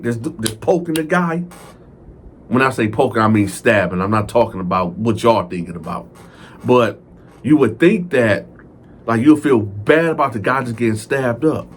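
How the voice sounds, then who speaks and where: A man hosting a casual storytelling video, recounting prison stories to viewers in a profane, animated way. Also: medium pitch, breathy edge. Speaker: host telling prison stories.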